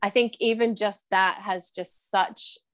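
A woman's voice: medium pitch, steady tone, a little slow, a bit bright, no echo. A woman hosting a casual podcast chat, encouraging and thinking aloud with lots of fillers. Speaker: podcast host.

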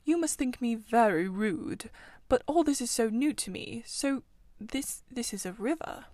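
A woman's voice: a little high, animated, measured pace, darkish tone, no echo. A woman voicing a timid, wide-eyed male mole, new to the river, in an eager, nervous storybook reading. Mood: wondering.

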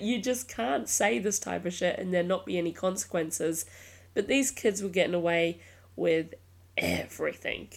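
Blunt, swearing woman podcast host. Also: lowish voice. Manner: blunt and exasperated, swears freely, laughs often. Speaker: true crime podcast host. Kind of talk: casual storytelling podcast narration.

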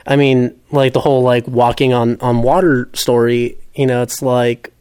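Male podcast co-host, mid-pitched and easygoing, dry close-miked sound. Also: flat delivery, normal speed, a little mellow, clear, resonant tone, no echo. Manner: chatty, loose, many fillers. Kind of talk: casual faith discussion.

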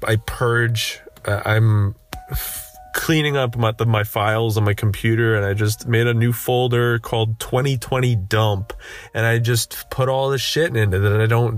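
A young man hosting a solo podcast, ranting in a sardonic, deadpan way full of profanity and restarts. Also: medium pitch. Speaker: podcast host. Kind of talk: rambling solo podcast monologue.

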